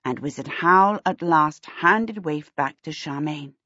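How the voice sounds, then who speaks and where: A woman reading a storybook aloud as narrator in a calm, steady way. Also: low-pitched, unhurried, husky, dry recording. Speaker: audiobook narrator. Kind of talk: scripted narration. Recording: slightly dull, dry recording.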